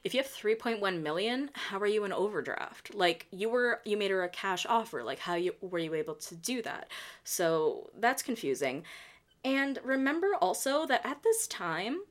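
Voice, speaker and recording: A woman's voice: medium pitch, lively intonation, normal speed. Chatty opinionated woman podcast host. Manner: opinionated, chatty, heavy use of "like". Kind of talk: casual reality-TV recap chat.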